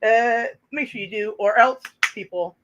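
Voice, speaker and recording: A woman's voice: fairly high pitch, unhurried, highs cut off, noisy background. A woman co-hosting a casual live stream from a garage workshop, giggly and playful. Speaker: co-host.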